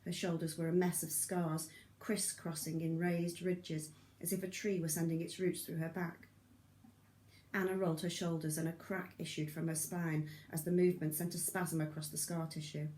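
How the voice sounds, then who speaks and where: A woman narrating a novel in an audiobook reading, steady and measured. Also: fairly low pitch, reverberant. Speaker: audiobook reader.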